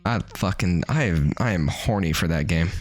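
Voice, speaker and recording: Low-voiced young man, profane and joking. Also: lively intonation, moderate pace, soft background music. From New Mexico, USA. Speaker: podcast co-host. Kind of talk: casual chat.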